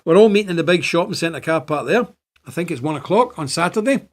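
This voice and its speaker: A man's voice: a little high, fast. An older man with a Northern Irish accent hosting a livestream, rambling and laughing as he reads out the chat. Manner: rambling, animated, laughs between points. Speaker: show host. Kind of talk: livestream commentary reading chat.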